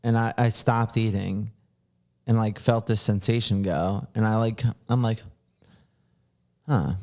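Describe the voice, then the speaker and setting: A man's voice: fairly low pitch, fairly even intonation, unhurried, a little mellow. A man hosting a podcast, telling a long story in a casual, rambling way with lots of fillers and swearing. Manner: rambling, swears freely, many filler likes. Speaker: podcast host.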